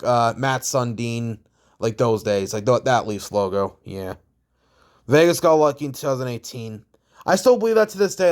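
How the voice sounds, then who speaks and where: A young man from Canada speaks in a slightly higher register as he rambles through his opinions. He is blunt and swears freely, with plenty of restarts along the way. The delivery stays casual and conversational throughout. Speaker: hockey vlogger.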